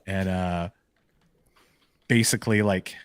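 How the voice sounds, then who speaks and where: Deep-voiced man telling comic stories. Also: slow, clean tone, no echo. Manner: animated storytelling full of "like" and "um" fillers. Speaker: podcast co-host. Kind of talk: casual chat, retelling comic book stories. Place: live podcast recording.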